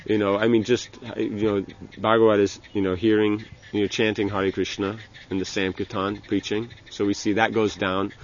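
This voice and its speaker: A man giving an informal religious lecture as a spiritual teacher, talking in a halting way with many restarts and "you know". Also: fairly low pitch, level tone, dull audio, a little hiss or hum.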